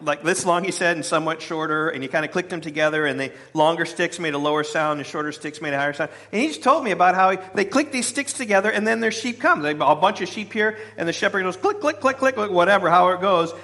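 A man's voice: a little high, quick pace, hardly any pauses, sharp tone. A man, the pastor, preaching a conversational sermon with friendly asides to his congregation.

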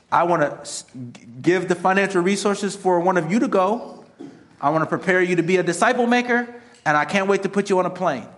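A middle-aged man preaches in a church sanctuary with a noticeably high, slightly bright voice. Talking like a pastor chatting with his congregation, he slips from self-mocking jokes into earnest exhortation.

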